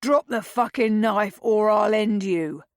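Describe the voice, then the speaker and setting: A woman's voice: medium pitch, slow, no echo, clean studio sound, close to an everyday voice. A woman voicing a cold, emotionless man who barks his orders and threats. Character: icy, soulless male servant with a pistol.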